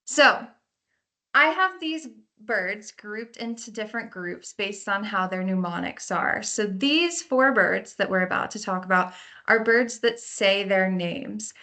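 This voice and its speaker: Bright-voiced woman giving a bird lecture. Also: medium pitch, animated, measured pace. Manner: friendly explanatory, imitates bird calls. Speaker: park naturalist. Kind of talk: lecture on birding by ear.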